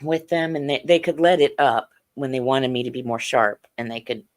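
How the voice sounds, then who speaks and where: Speaking in a bass voice, a middle-aged woman appears as a podcast guest and tells a personal story. She goes slowly and hesitantly, with many fillers and false starts.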